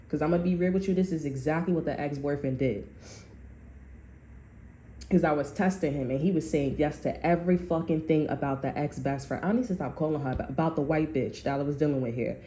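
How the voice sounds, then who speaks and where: A young woman talks through a tarot reading in a blunt, profane, animated way, wandering off into stories from her own life. Her voice sits low and mellow. The room around her is echoey, with a faint hum in the background. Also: a little fast. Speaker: tarot reader. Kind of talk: casual tarot reading monologue.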